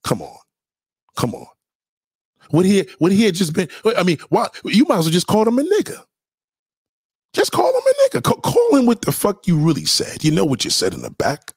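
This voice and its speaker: A man giving heated, profane reaction commentary on a clip, mocking and now and then breaking into sudden loud outbursts. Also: high voice, wildly swooping pitch, normal speed, pauses often, breathy edge, dry recording.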